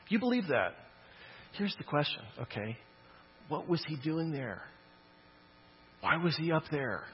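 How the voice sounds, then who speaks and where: A man's voice: on the high side, sing-song, a little slow, highs cut off, slight background noise. A man preaching a sermon in a church, talking in a conversational but emphatic way and often asking "okay?". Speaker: pastor.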